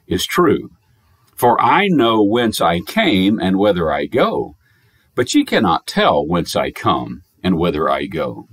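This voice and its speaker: A man's voice: lowish voice, slightly rough, no echo. A man with an American accent, a pastor giving a pre-recorded sermon, preaching with emphatic, repeated phrases and reading scripture in old-fashioned wording. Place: recorded message, dry sound.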